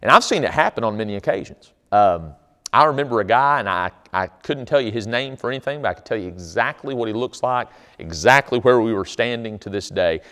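A man's voice: mid-range voice, lively intonation, brisk, bright, forceful tone, clear, resonant tone. A man preaching a sermon, telling stories in an emphatic, conversational way. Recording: long hall reverb.

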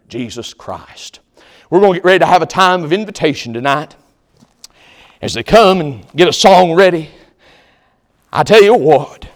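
A man preaching in a church, ringing out scripture in a loud voice and then turning to folksy, conversational talk with the congregation. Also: high voice. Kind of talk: sermon with altar call. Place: church sanctuary.

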